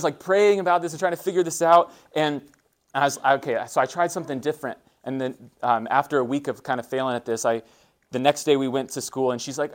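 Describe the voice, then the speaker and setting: A man's voice: mid-range voice, fairly even intonation, fast talker. Earnest man giving a faith talk. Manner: conversational, earnest, frequent fillers and restarts. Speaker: guest speaker at a school. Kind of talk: motivational faith talk to students.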